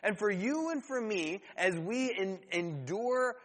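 Male pastor, high-pitched, earnest sermon delivery, rhetorical questions, long church-hall reverb. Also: lively intonation. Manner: earnest preaching with rhetorical questions and dramatic pauses.

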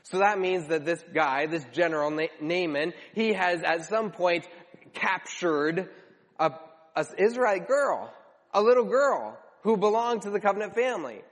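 A man delivers a sermon in a fairly high voice, retelling scripture as lively storytelling with repeated phrases and animated quoted lines. His voice rings out with a long reverb, as in a large church hall. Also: moderate pace. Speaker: preacher.

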